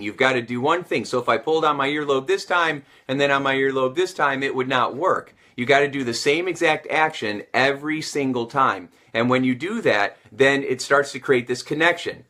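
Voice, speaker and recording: A male sales and communication coach speaks straight to camera with a bright, forceful tone. He teaches in an energetic, motivational style and leans on repetition to stress his points. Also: medium pitch. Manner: energetic, repeats phrases for emphasis.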